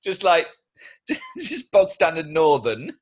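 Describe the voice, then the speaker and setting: A man's voice: a little high, huge pitch swings, takes it slowly, breathy edge. A young Englishman hosting a casual comedy podcast, teasing and giggly. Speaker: podcast host. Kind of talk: casual chat.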